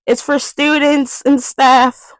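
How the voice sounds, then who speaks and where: A young woman vlogger in an exasperated, swearing rant, breaking into loud outbursts. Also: sits high, flat delivery, takes it slowly, dry recording, low-quality recording. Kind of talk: ranting vlog monologue.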